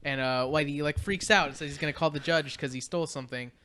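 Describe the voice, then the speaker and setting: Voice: mid-range voice, quick pace, fairly bright tone, smooth. A podcast co-host casually recapping a movie in a rambling way, with plenty of "uh" and "like" and frequent laughter. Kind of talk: casual chat recapping a film.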